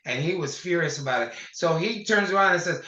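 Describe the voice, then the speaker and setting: An older man, a singer, chatting in an interview and telling animated stories from his career. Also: fairly high pitch, fairly quick. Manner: animated storyteller, acts out quotes. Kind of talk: casual interview conversation. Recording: echoey dull lo-fi sound.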